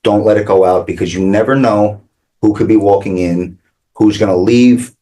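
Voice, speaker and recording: A man's voice: on the low side, normal speed, mellow. A man who owns a pizzeria, guest on a local business podcast, telling stories casually and chattily, acting out quotes. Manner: chatty, full of "like" and acted-out quotes. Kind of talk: casual storytelling.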